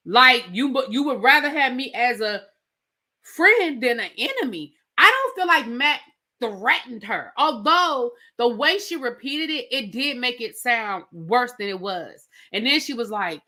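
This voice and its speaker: A bright, high-pitched woman with cadence runs through a reality TV episode. Her voice swoops up and down as she acts out the cast's lines and throws in slangy asides, all in an easy, chatty recap. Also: measured pace. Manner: animated storyteller acting out quotes, slangy asides. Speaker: reality TV reviewer. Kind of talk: casual recap commentary.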